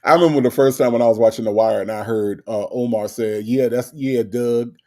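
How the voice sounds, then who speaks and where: Woman, co-host, from the South, casual chat, laid-back storytelling, mellow voice. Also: rumbling low, quick pace.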